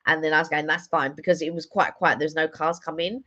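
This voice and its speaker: A woman's voice: low-pitched, steady tone, a little fast, bright, forceful tone, dull audio. A woman chatting casually on a live stream, telling rambling stories with lots of fillers. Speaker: vlogger doing a live stream. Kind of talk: casual chat.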